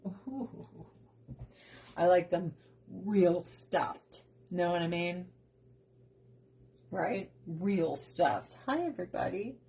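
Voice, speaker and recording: A woman's voice: fairly low pitch, extremely slow, pauses often, warm tone. A young adult woman hosting a cooking vlog, chatting casually as she cooks, laughing often and slipping into playful voices. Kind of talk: casual chat while cooking.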